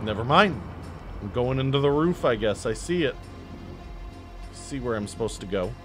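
Dude streaming a horror game, lively voice swinging all over, swears a lot, game music behind. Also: male voice, mid-range voice, moderate pace. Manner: excitable, jokey, swears freely. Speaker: gaming streamer. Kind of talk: let's-play commentary. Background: game music and sounds.

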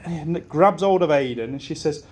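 A man's voice: on the high side, lively intonation, normal speed, darkish tone, slight background noise. Laughing best man telling stories. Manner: rambling anecdotes, laughing at his own stories, casual swearing. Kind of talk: wedding speech storytelling. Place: wedding reception room.

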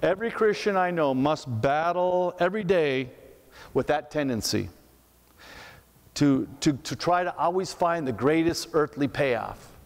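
Male pastor, slightly high voice, chatty preaching full of rhetorical questions, long sanctuary reverb. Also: animated, unhurried. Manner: conversational, asks rhetorical questions, repeats words. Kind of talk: sermon. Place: church sanctuary.

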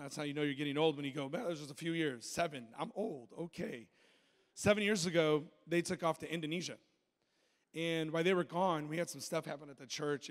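High-voiced pastor preaching in a reverberant hall. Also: male voice. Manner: animated, joking, conversational preaching. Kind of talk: sermon with personal storytelling. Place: church sanctuary. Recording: long reverb of a large hall.

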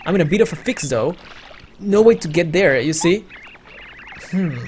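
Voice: medium pitch, animated, normal speed, darkish tone, a little hiss or hum, natural voice. A let's player voicing a pompous, upper-class male explorer with plummy, old-fashioned phrasing. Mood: jaunty.

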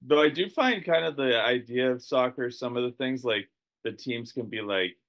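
A man's voice: mid-range voice, moderate pace, a bit bright. A man guesting on a podcast in casual chat, talking hesitantly with many "like" fillers.

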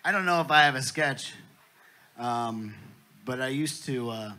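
A man's voice: medium pitch, a little slow, pushed and bright, soft background music. A man telling stand-up jokes at a festival in a laid-back, profane storytelling manner. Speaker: comedian. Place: festival stage.

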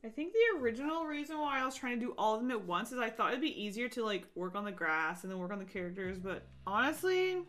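Casting note: woman art streamer, high bright voice, lively and chatty, thinks aloud while she paints. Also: fast, few pauses. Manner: chatty, thinks aloud, coos at her pet in a playful voice. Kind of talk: casual chat while painting on a live stream.

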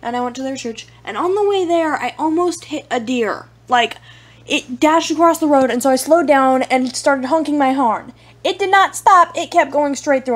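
A woman's voice: sits high, animated, normal speed. A young woman vlogging casually about her day, rambling and playful, with lots of filler words. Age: young adult. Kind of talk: casual vlog diary.

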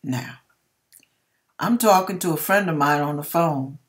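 A woman with a slightly low-pitched voice shares a personal faith testimony. She tells it in an emphatic, expressive way, with church-style exclamations throughout. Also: a little slow. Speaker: hairdresser sharing a personal testimony.

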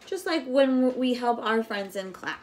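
A young adult woman reading a children's story aloud as a teacher, gentle and coaxing, often asking her listeners questions. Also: fairly high pitch, animated, a little slow, a little hiss or hum.

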